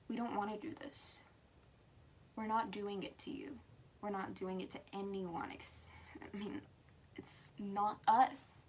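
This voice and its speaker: A woman's voice: medium pitch, steady tone, slow pace, pauses often, a little hiss or hum. A teenage girl talking earnestly and frankly to camera as a vlogger, with emphatic stresses and stretches that drop to a whisper. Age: teen.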